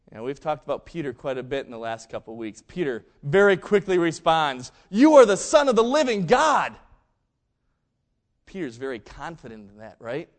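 A man preaching a sermon, telling a story and acting out the quoted lines with big swings between loud and quiet. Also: mid-range voice. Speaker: pastor.

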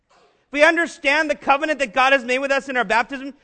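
High, bright-voiced male preacher. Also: fairly even intonation. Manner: rhetorical questions, emphatic slow repetitions. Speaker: pastor. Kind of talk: sermon.

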